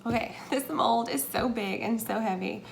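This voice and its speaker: Young woman, casual crafting vlogger, hesitant and chatty, light higher voice, faint noise floor. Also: normal speed, creaky. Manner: chatty, hesitant, drops into whispers while working. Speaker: soap maker. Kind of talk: casual how-to narration.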